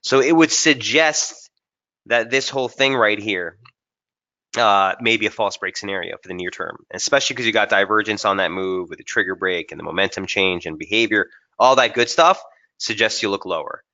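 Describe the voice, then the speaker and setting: A man's voice: fairly low pitch, normal speed, sharp tone, muffled recording. A man presenting a live trading webinar, talking through charts casually with many fillers and restarts. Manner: casual, thinking aloud with frequent fillers and restarts.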